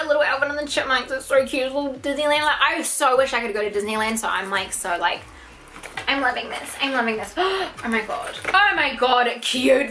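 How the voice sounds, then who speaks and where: This is a young woman with a New Zealand accent, filming an unboxing vlog at home. Her voice is bright and forceful and sits a touch high. She gushes over every item with gasps and squeals, and a faint hiss sits under the recording. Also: low-quality recording. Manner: gushing, excitable, gasps and squeals often. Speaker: YouTuber.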